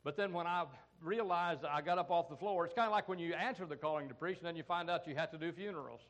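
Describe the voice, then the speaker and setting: A middle-aged American man preaching in a folksy, conversational way. His voice sits a little higher than most men's. He keeps breaking up his points with "amen" and "come on" asides to the congregation. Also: fast talker, a bit bright, lo-fi sound. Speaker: pastor. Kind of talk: sermon.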